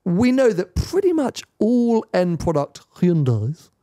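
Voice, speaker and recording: A man co-hosting a casual car podcast, enthusiastic and quick to laugh. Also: high-pitched, wildly swooping pitch, mellow, no echo, studio quality. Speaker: podcast co-host. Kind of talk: casual chat.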